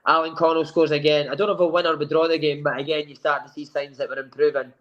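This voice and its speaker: A man with a Scottish accent, a guest telling lively anecdotes and acting out the dialogue in a sofa chat. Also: fairly high pitch, quick pace, highs cut off. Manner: lively storyteller who acts out quoted dialogue. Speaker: former footballer guest.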